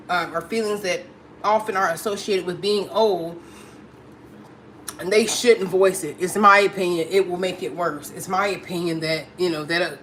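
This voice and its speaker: A woman's voice: lowish voice, a bit bright, slight background noise. A middle-aged woman hosting a casual live stream, chatty and affectionate, greeting viewers and talking through her opinions with many fillers. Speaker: livestream host.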